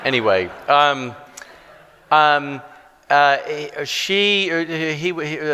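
A middle-aged man preaching a sermon with stories, self-deprecating and halting, with many restarts. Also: on the high side, animated, pushed and bright, smooth. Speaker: guest preacher. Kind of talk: sermon with storytelling. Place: church sanctuary. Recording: long church reverb.

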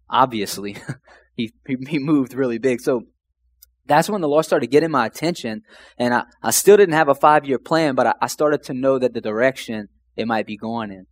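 Medium in pitch and moderate in pace, a young Louisiana man gives a casual, rambling faith testimony. He gets emotional and fills his talk with "man" and "like," typical of casual personal storytelling.

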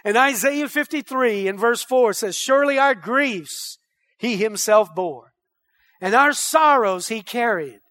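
Man, pastor, sermon, very high voice, bright tone, fervent, rhetorical questions. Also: animated, a little slow. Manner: fervent preaching, rising to loud declarations; repeats rhetorical questions to the congregation.

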